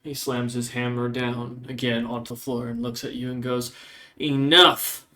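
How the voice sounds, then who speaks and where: A man's voice: mid-range voice, monotone, moderate pace. A man narrating a tabletop game as game master, in short descriptive lines.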